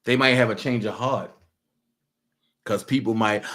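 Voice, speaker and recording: A man's voice: lowish voice, fairly even intonation, unhurried, pauses often, fairly bright tone. A man hosting a livestream who reads court documents aloud and breaks off into profane, mocking commentary.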